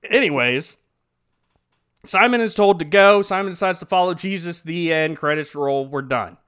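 A man hosting a podcast, recapping a film in a joking, sarcastic, animated way. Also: on the high side, normal speed, smooth. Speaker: podcast host. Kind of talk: casual chat recapping a film.

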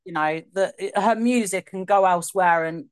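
A young woman singer, telling stories in a casual interview, chatty and excitable with acted asides. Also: on the low side, normal speed, clean tone, no echo. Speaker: singer and guest.

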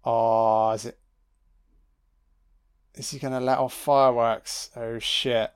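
A man's voice: mid-range voice, flat delivery, takes it slowly, smooth. A man giving a sarcastic, profanity-laced audio commentary while watching a film. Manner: sweary, sarcastic, reacting live.

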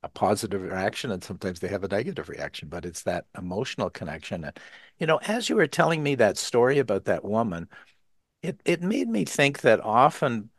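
A man's voice: on the low side, big pitch swings, a little fast, no echo, studio quality. A man hosting a podcast interview about pottery, asking thoughtful, reflective questions. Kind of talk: casual interview talk.

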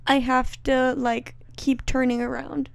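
High-voiced, chatty young woman podcaster. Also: little pitch movement, unhurried, vocal fry, no room sound. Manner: chatty, self-described jumpy, filler-heavy. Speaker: podcast co-host. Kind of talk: casual chat.

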